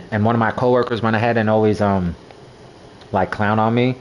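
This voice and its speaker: A man's voice: on the low side, normal speed, a little hiss or hum. A young man streaming a game, telling rambling, profane stories in casual chat. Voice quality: rambling, profane, animated storytelling. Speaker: gaming streamer. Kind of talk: casual chat while gaming.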